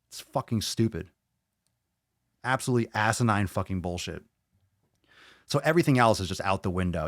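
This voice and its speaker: Male podcast host, crude and loud, lowish voice, dry close sound. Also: no echo. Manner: swears constantly, loud and animated; reads viewer comments aloud. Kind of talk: profane live-stream rant.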